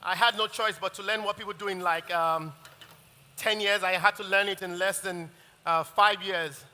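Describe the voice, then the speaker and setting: Man, middle-aged, chef, very bright tone, chatty and laughing, reverberant hall. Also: sits high, fairly even intonation, moderate pace. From Nigeria. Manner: chatty, laughing, restarts sentences. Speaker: chef giving a cooking demonstration. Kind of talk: live cooking masterclass.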